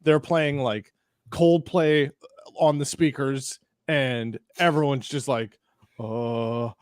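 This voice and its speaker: Speaking slowly and with fairly even intonation, this slightly high-voiced man hosts a podcast and rambles through an anecdote in relaxed chat. He keeps restarting and acts out quotes. The recording is dry and has a clean studio sound.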